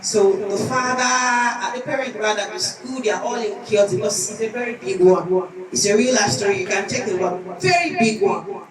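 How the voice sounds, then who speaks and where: A woman teacher speaks at a medium pitch and a moderate pace, giving an earnest conference lecture about a personal story from her school and acting out the voices she quotes. The audio is echoey, recorded in a hall with a distant mic and an audience crowd in the background.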